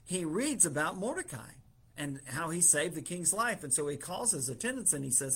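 A man with a slightly raised pitch preaches in a relaxed way. He retells a story scene by scene and slips into quoted dialogue, with filler words and small chuckles along the way. It sounds like a casual sermon. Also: normal speed, breathy edge.

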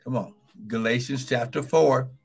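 A man preaching a sermon to an online audience, fervent and breaking into shouts, calling out repeated encouragements. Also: medium pitch, moderate pace, gravelly, breathy edge, faint music behind. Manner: fervent, bursts into shouts of "woo, glory"; calls out repeated encouragements to listeners. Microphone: streaming live to online viewers.

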